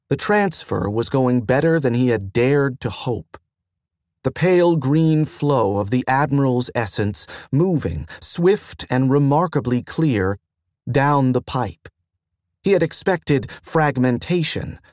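A man narrating a science fiction audiobook in a measured, even reading. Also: medium pitch, no room sound, studio quality. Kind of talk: scripted narration.

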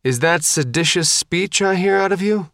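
A man's voice: sits high, normal speed, a bit bright, no room sound, studio quality, voice pushed up. A man reading the part of a young woman boat captain, firm and commanding. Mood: bossy.

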